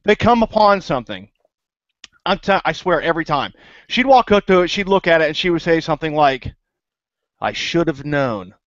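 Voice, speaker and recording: A man's voice: fairly high pitch, expressive, brisk, no echo. A man co-hosting a casual book podcast, who talks eagerly and cuts in playfully. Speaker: podcast co-host. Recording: dry, muffled lo-fi audio.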